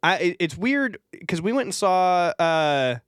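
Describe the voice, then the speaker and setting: A man co-hosting a comedy podcast, chatting casually in a profane, ranting way and mocking people with quick impressions. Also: sits high, very animated, a bit bright, smooth, no room sound, clean studio sound. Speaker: podcast co-host.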